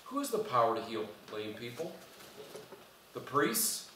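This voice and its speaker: Echoey preacher speaking from afar. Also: male voice, medium pitch, sing-song, a little slow, bright, forceful tone, a little hiss or hum. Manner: conversational preaching, quizzes the congregation. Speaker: pastor. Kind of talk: sermon. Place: church sanctuary. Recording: echoey church from far off.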